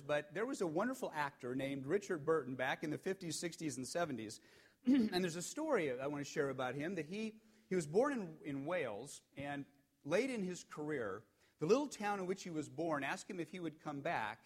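Male preacher, a bit higher-pitched, storytelling sermon that swings between loud emphasis and near-whispers. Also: big pitch swings, moderate pace, breathy edge. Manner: storytelling preacher, rising emphatic peaks and hushed drops. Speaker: pastor.

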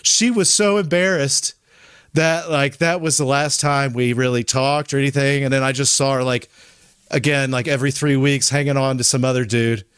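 A man's voice: mid-range voice, steady tone, moderate pace, fairly bright tone, smooth, no echo, clean studio sound. A man in his forties, a podcast host, casually telling a story and swearing freely as he acts out what people said.

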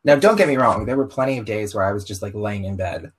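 Young man, slight Southern accent, low husky voice, candid animated interview guest. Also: fast talker. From Southern US, raised partly in Baltimore. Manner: open, animated storytelling with quoted asides.

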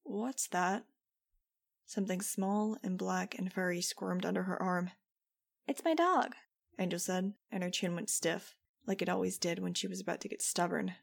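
Female audiobook narrator, flat, even read, fry-tinged low voice. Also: brisk, few pauses. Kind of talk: first-person audiobook narration.

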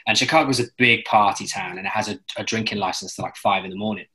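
A man from London with a British accent, a guest chatting casually and telling rambling, lively anecdotes with tangents. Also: on the low side, fast talker, low-quality recording. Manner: lively storyteller who acts out other people's voices in his anecdotes; rambling, with frequent restarts and tangents. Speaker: guest, musical theatre actor.

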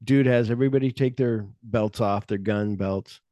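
A man's voice: on the low side, moderate pace, mellow, dry recording, studio quality. A man co-hosting a podcast, retelling film scenes in a loose, rambling way with plenty of swearing. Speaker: podcast co-host. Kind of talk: casual movie-discussion chat.

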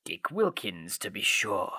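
A man voicing an old male miser who talks low and clipped in a storybook reading. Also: big pitch swings, unhurried, sharp tone, breathy edge, no echo, studio quality, full character voice. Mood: wistful.

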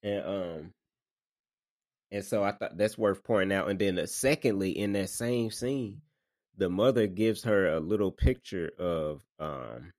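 A man co-hosting a podcast, chatting about a movie at an easy pace and often breaking into loud laughter. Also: low-pitched, unhurried, dry recording, studio quality. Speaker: podcast co-host. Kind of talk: casual movie recap chat.

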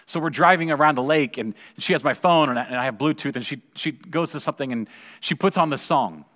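A man in his forties giving a sermon, telling a personal story in a conversational way and repeating words when excited. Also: mid-range voice. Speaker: pastor. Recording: long reverb of a large hall.

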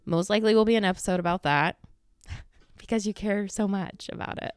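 A woman's voice: medium pitch, steady tone, fairly quick, smooth, no echo. A woman hosting a casual solo podcast from home, rambling with lots of fillers and casual swearing. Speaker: podcast host.

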